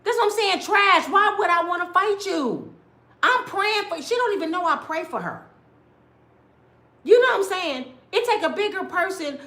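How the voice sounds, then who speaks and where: A middle-aged woman telling stories in a blunt, animated way, sometimes mimicking other people's voices. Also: very high voice, moderate pace, roomy sound. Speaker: storyteller. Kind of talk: casual storytelling rant.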